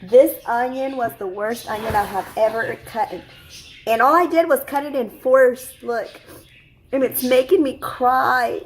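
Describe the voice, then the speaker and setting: Woman, home cooking vlog, unhurried, rambling with fillers, teary from onions, faint noise. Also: fairly high pitch. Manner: chatty, rambling, many fillers and self-corrections. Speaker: cooking vlogger. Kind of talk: casual cooking tutorial. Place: home kitchen in Mexico.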